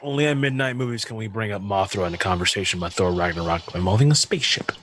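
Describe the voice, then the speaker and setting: A man co-hosting a casual movie podcast, animated and tripping over words now and then. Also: quick pace, slight background noise. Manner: animated, lively pitch swings, trips over words. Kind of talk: casual chat.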